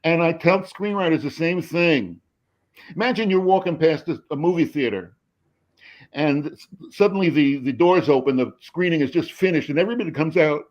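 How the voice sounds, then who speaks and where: A man's voice: fairly high pitch, moderate pace, dull audio. An older man, a screenwriter and professor, telling stories expressively on a panel, with many restarts. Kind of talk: animated panel talk.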